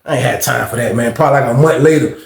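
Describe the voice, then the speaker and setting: A man's voice: mid-range voice, racing, creaky. A man telling a story in a casual, slangy and profane way, acting out the people in it. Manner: slangy, profane, animated quoting. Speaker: storytime vlogger. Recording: roomy echo.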